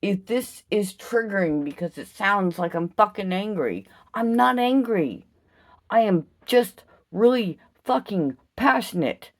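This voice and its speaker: A woman giving an impassioned solo vlog rant, emphatic and profane, swinging from loud outbursts to low, slow musing. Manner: intense, emphatic, heavy swearing. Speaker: vlogger.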